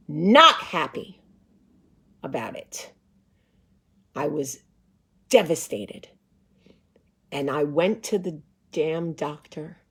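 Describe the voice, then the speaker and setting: This thirtysomething show host has a low, husky voice. She spins a funny tale with dramatic flair, swearing and stressing her points.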